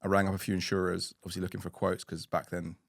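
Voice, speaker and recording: Guy chatting on a podcast, lowish voice, jokey, dry mic. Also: fast talker, vocal fry, dry recording. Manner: animated, jokey, breaks into exaggerated quoted voices. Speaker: co-host. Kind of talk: casual podcast chat.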